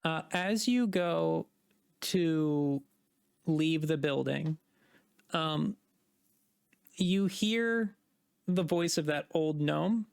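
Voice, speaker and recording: A woman's voice: low voice, very slow, gravelly, pauses often, darkish tone, clear, resonant tone, dry recording, studio quality. A woman narrating a tabletop game as game master, in a hesitant way with many fillers.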